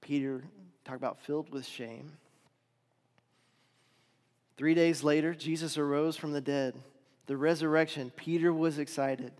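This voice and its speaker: A man's voice: on the high side, fairly even intonation, measured pace, pauses often. Male preacher telling a story in a reverberant hall. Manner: dramatic swings from loud to hushed. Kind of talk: sermon storytelling.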